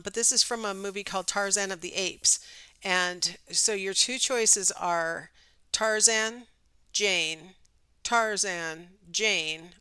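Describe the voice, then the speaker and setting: A woman's voice: fairly low pitch, pushed and bright, clean tone, no echo. A middle-aged woman teaching a recorded psychology lecture in a chatty way, with many ums and rhetorical questions. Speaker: psychology instructor.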